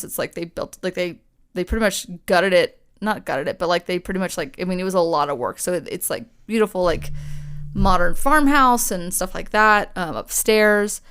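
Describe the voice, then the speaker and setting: Smooth-voiced chatty young woman. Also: medium pitch, normal speed, a bit bright. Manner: chatty, swears freely, lots of fillers. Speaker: podcast co-host. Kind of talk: casual chat, storytelling.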